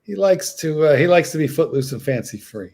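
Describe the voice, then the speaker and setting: A male dog trainer talks on a livestream panel in a rambling, story-telling way, his voice a bit higher than most men's. He circles back on himself with frequent restarts as he builds each point. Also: animated, fairly quick, a little mellow, slightly rough. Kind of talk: casual panel chat.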